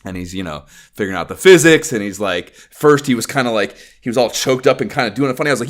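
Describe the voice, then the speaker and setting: A man's voice: medium pitch, expressive, fast talker. A man hosting a podcast, telling a rambling, profane story in casual chat and often breaking into laughter. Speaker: podcast host.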